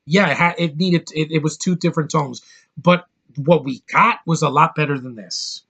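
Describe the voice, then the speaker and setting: A man's voice: a little high, normal speed, vocal fry, fairly bright tone, breathy edge, highs cut off. A man in his thirties giving an angry, profane movie review rant, hammering his points with emphatic repetition. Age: 30s.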